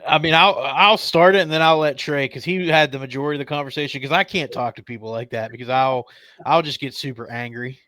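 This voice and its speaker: Casting: male angler guest, mid-pitched, chatty rambling storyteller, dry close podcast mic. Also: fast, pushed and bright, no echo. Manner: rambling, filler-heavy storytelling.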